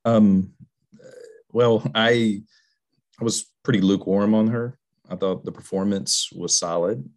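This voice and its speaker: A middle-aged man, married, talking in a relaxed, measured way as he co-hosts a casual movie discussion. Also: fairly low pitch. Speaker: podcast co-host.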